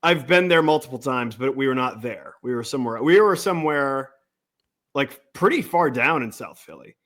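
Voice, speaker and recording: A man's voice: mid-range voice, animated, normal speed, fairly bright tone. A man co-hosting a podcast in casual chat, telling stories in a laid-back, rambling way. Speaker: podcast co-host.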